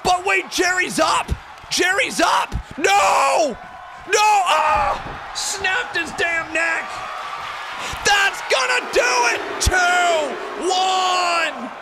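High-voiced excitable male stream commentator. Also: extremely slow, creaky, a crowd in the background. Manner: excitable, shouting play-by-play. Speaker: streamer and host of the series. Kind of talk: live-streamed play-by-play commentary on a simulated wrestling match. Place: at a desk.

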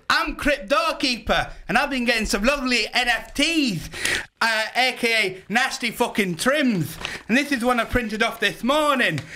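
A man's voice: extremely high pitch, pushed and bright, slight background noise, voice pushed up, exaggerated voice. A man putting on a cheeky crypt doorkeeper character, mocking and laddish, on a comedy podcast. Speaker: podcast co-host.

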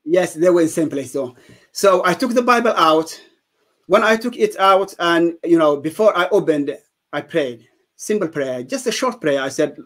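Man, English, halting testimony, fairly high-pitched voice. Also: animated. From Somalia. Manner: halting, many fillers and restarts. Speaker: guest giving testimony. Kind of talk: personal testimony interview.

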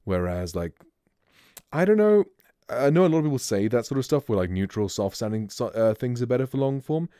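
A man's voice: mid-range voice, big pitch swings, a little fast, mellow, smooth, no echo. A man streamer giving a casual, rambling microphone review, speaking close to a studio mic at his home streaming setup. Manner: laid-back, rambling.

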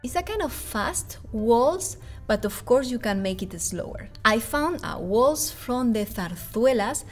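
A woman's voice: a little high, lively intonation, measured pace, few pauses. A woman from Spain with a Spanish accent, explaining and counting rhythms as a ballet class pianist in a music tutorial.

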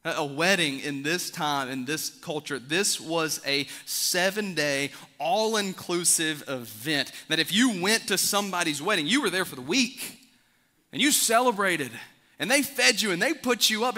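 A man preaching a sermon as pastor, swinging from loud emphatic highs to quiet low drops. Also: in a large hall. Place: large church sanctuary.

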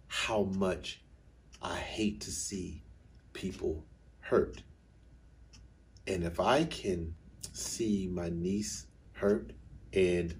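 A middle-aged man with a deep, low-pitched voice tells a personal story in an open, emotional way. He chuckles now and then and restarts his sentences as he speaks. A faint hiss sits under his voice. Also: darkish tone. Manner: candid, emotional, with chuckles and self-corrections. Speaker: vocal coach.

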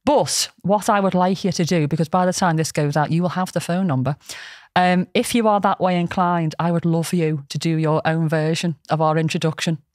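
Scouse woman podcast host, lowish voice, dry close sound, chatty and laughs a lot. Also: fairly even intonation, fairly quick, few pauses, darkish tone, dry recording. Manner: chatty storyteller, laughs often. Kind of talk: casual chat.

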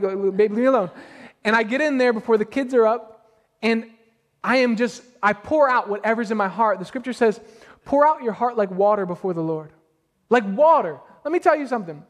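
A man with a high voice preaching a sermon with lots of energy, asking his congregation rhetorical questions. His voice carries a long hall reverb, as from a church sanctuary. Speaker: pastor.

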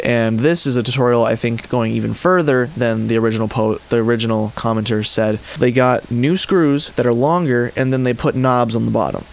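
A man's voice: medium pitch, vocal fry. A man hosting a hobby channel, giving an exasperated, rambling commentary and often correcting himself mid-sentence. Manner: frustrated, exasperated. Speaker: 3D printing channel host. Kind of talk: commentary rant to camera.

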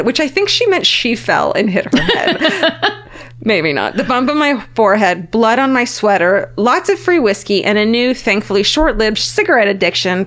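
A woman's voice: on the high side, fairly bright tone. A woman co-hosting a podcast, chatting casually and reading listener stories aloud, laughing often and swearing freely. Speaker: podcast co-host.

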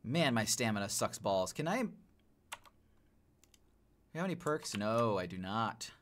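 Male gaming streamer, excitable self-talk, bright tone, pitch leaping all over, keyboard clicks behind. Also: normal speed. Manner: excitable, talks to himself, sudden yelps and swearing. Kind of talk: live gameplay commentary.

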